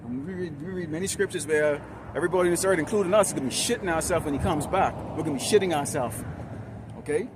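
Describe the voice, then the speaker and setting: A man preaching an open-air sermon outdoors by a busy street, in a loud, confrontational and profane manner. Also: fairly high pitch, fast talker, background noise.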